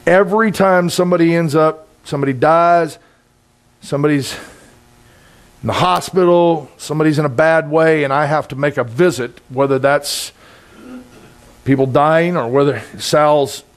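A middle-aged man preaching a sermon in a conversational, intense way, with sudden loud bursts. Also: on the high side, normal speed. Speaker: pastor.

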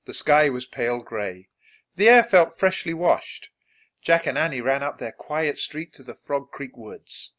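A man with a medium-pitched voice reads a children's book aloud at an unhurried pace. His storybook narration is expressive and lively.

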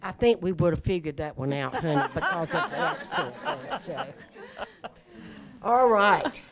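A woman's voice: on the low side, very animated, measured pace, gravelly, a crowd in the background. A woman hosting a community birthday party, chatting casually and teasing her guests. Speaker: party host. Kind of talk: casual emcee talk.

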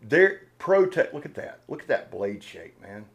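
An excitable man talks through a box of knives in a loose vlog style. He wears his heart on his sleeve, restarting his sentences and rambling as he gets worked up. His voice sits at an ordinary middle pitch. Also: a little slow. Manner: fired-up, earnest, emotional, rambling with restarts. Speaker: knife channel host. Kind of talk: casual unboxing vlog talk.

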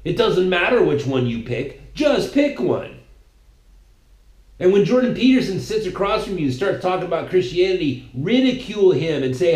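A man's voice: high voice, big pitch swings, a little slow, a little mellow. A man hosting his own show, preaching a mocking, opinionated solo monologue. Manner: preachy, mocking, with impressions of others. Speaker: podcast host. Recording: echoey room.

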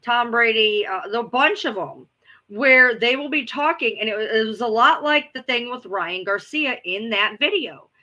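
A woman's voice: a little high, expressive, moderate pace, bright, forceful tone, lo-fi sound. A woman host chatting casually with viewers, rambling, repeating herself and swearing now and then. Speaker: livestream host. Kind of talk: casual chat answering viewers.

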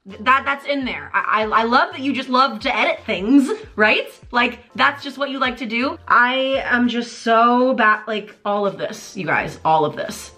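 This commentary YouTuber, a woman in her twenties, has a slightly high voice and an unhurried pace, with soft music playing underneath. She rants animatedly about celebrity drama in her pop culture vlog, sounding sarcastic and fed up.

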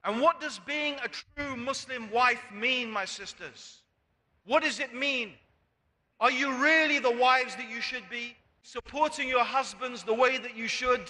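Guy preaching in a big hall, really high bright voice, fires off question after question, long echo. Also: unhurried. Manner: rhetorical questions to the audience. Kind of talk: sermon.

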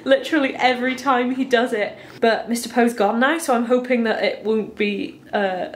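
At home, filmed on a handheld phone camera, a book vlogger chats casually about the book she is reading. Her fairly high voice stays steady at a moderate pace, and she is giggly and chatty, laughing at herself.

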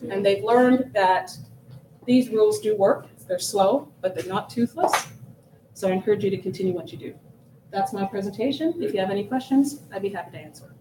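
A woman's voice: mid-range voice, a little fast, recorded from a distance. A woman accountability officer giving an earnest, emphatic seminar presentation with repeated points. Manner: earnest, emphatic lecturing with repetition. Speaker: guest speaker, accountability officer. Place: seminar room. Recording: echoey room, recorded from afar with faint noise.

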